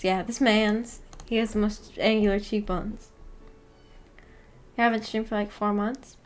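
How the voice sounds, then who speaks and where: A woman's voice: fairly high pitch, takes it slowly, pauses often. A woman streamer chatting casually with her live viewers, rambling and giggling as she reads chat aloud. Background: faint background music.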